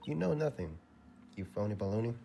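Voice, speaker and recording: A man's voice: on the low side, brisk, vocal fry, slight background noise. Haughty young priestess girl, read by a man. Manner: reads game text in a flat voice. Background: game music.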